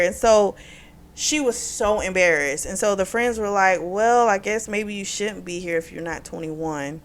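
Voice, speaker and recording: A woman's voice: medium pitch, normal speed, fairly bright tone, clean tone. A woman casually recapping a romance novel's plot, talking frankly with plenty of profanity and frequent laughs. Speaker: book reviewer. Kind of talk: casual spoken book recap.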